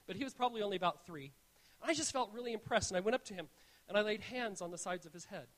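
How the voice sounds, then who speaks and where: A man's voice: high-pitched, fairly bright tone. A man preaching to his church, telling stories in an earnest tone and often restarting his sentences as he goes. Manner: earnest, storytelling, frequent restarts. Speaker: pastor. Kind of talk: sermon.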